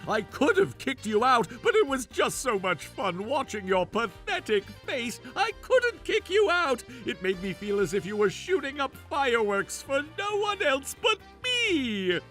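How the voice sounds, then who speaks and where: A man's voice: extremely high pitch, big pitch swings, measured pace, few pauses, sharp tone, faint music behind, pitched above the performer's own voice, heavily acted. A man voicing an arrogant, mocking male chef who owns a restaurant, in a sneering, gloating, theatrical manner. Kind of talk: animated story voice acting.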